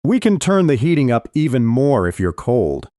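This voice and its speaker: A man voicing a kind, gently teasing husband in an audiobook. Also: mid-range voice, sing-song, normal speed, no room sound, clean studio sound, voice pushed up, natural voice. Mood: gentle. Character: kind, caring husband driving, young adult.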